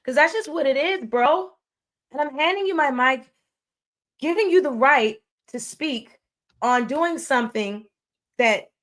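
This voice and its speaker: Emphatic woman with a higher voice. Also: a bit bright. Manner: emphatic, repeats phrases, preachy asides. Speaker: livestream commentator. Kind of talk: casual live commentary. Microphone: streaming setup.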